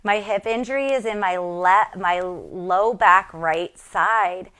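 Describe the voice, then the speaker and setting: Speaking slowly in a mid-range, fairly bright voice, a fitness instructor in her forties demonstrates exercises while chatting. Her talk is casual and self-deprecating, and she sometimes sounds strained from the exertion.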